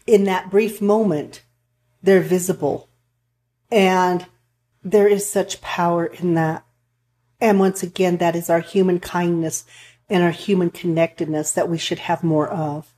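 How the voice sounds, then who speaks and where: A woman's voice: on the low side, steady tone, measured pace, mellow. A woman counselor talking earnestly in a casual chat, rambling a bit with restarts as she tells stories. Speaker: counselor for couples and families.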